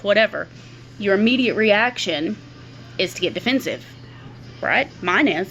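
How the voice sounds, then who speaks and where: A woman's voice: mid-range voice, lively intonation, a little slow, pauses often, a bit bright. A middle-aged woman speaking candidly to camera in a personal vlog, often repeating words as she thinks aloud. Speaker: vlogger.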